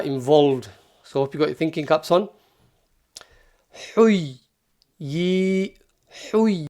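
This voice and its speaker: A patient male recitation teacher who talks at an unhurried, measured pace. His voice sits a little higher than most men's. He sounds out each syllable and then repeats it for his learners. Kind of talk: step-by-step recitation lesson.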